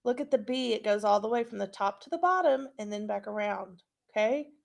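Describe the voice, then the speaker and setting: A woman teacher giving a recorded lesson to young pupils, speaking slowly and clearly and checking in often with "okay?". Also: medium pitch, a little mellow. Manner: slow, clear instructional delivery with frequent checks. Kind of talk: recorded online class lesson.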